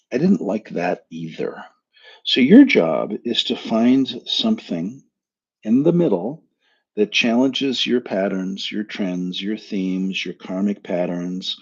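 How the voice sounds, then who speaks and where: A spiritual coach hosts a live stream in a lowish, husky voice, speaking frankly, bluntly and casually with occasional swearing. The recording has a dull, lo-fi sound.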